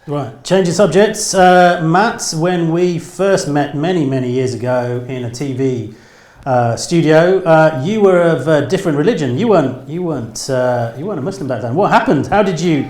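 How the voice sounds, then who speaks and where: A man's voice: fairly high pitch, moderate pace, a little mellow. A man hosting a podcast, asking questions to move the chat on to new topics. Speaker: podcast host. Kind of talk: casual topic introductions. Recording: echoey room sound.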